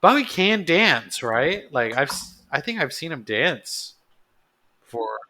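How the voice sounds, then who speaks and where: A man's voice: a little high, sing-song, slow pace, bright, forceful tone. A man co-hosting a podcast, chatting casually and enthusiastically about the parts of an episode he loves. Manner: enthusiastic, repeats that he loves things. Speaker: podcast co-host. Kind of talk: casual chat.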